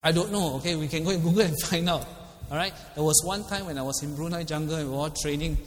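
Singaporean guy preaching, fairly high voice, laughs a lot, long hall echo. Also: quick pace. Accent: Singaporean English. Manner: chatty, laughs often, asks listeners by name. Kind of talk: casual sermon with questions to the congregation.

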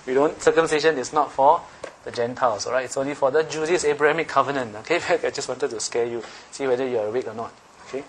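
A man's voice: medium pitch, fast talker, slight background noise. A male pastor giving a sermon in a playful, teasing way, often checking in with his listeners.

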